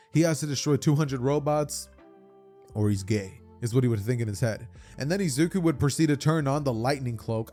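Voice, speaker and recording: Mellow-voiced man casually retelling a story. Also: medium pitch. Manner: slangy and chatty, with restarts. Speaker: YouTube storyteller. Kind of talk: casual fan-fiction retelling.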